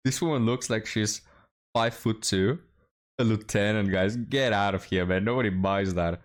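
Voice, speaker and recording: A man's voice: lowish voice, normal speed. A man hosting a reaction commentary, mocking and scornful, often laughing as he talks. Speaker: commentary host.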